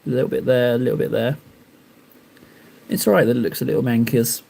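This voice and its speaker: A man's voice: medium pitch, fairly even intonation, fast, creaky, dark tone. A man chatting casually on a live stream while painting miniatures, rambling and joking at his own expense. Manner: rambling, joking, self-mocking.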